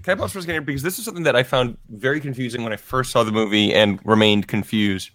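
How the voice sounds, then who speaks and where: A man's voice: mid-range voice, rapid-fire, a bit bright, dry recording, studio quality. A man on a casual podcast, making wry remarks and asking questions about a film. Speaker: podcast co-host.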